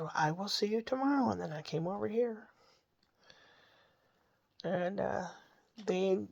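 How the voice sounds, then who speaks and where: A woman's voice: lowish voice, vocal fry, a little mellow, lo-fi sound. An older woman, a grandmother, telling family stories in a rambling, homey way. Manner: rambling, homey, with small restarts. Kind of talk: casual storytelling monologue.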